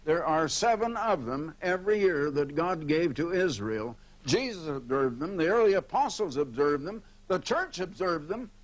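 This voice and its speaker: Older male TV preacher, fairly high voice, steady explanatory delivery, slows down to read scripture aloud. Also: rough recording. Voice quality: pauses and fillers as he speaks freely. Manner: explanatory preaching, reads scripture aloud slowly and comments between verses. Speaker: evangelist broadcaster. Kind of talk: televised sermon.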